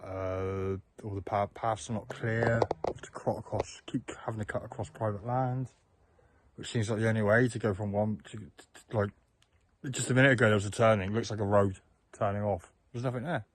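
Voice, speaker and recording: A man from south-west England keeps a rambling, halting hiking diary outdoors, full of fillers and restarts. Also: lowish voice, fairly even intonation, no echo, rough recording. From Plymouth, south-west England. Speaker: hiker and vlogger. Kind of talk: casual spoken hiking diary. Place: outdoors on open moorland and in woodland. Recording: outdoor camera audio with wind noise.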